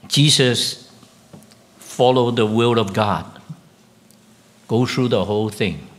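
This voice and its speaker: Slow-speaking pastor preaching a sermon. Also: male voice, fairly bright tone. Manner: slow, halting delivery with questions to the congregation; rises sharply in pitch and volume when emphatic.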